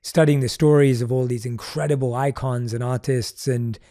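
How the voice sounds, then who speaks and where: A man hosting a podcast interview, asking gentle, thoughtful questions and affirming his guest. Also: mid-range voice, steady tone, normal speed. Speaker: podcast host.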